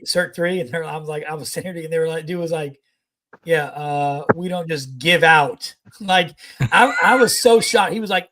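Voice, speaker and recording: Animated high-voiced man telling war stories. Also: moderate pace. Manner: animated, profane, laughing while telling a story. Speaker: podcast co-host. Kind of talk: casual chat, storytelling.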